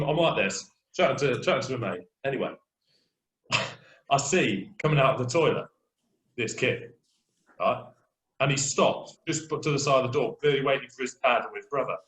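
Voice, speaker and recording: Animated man from the English Midlands. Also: medium pitch. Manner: animated, laughing storyteller. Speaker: podcast guest. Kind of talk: casual storytelling. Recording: roomy echo.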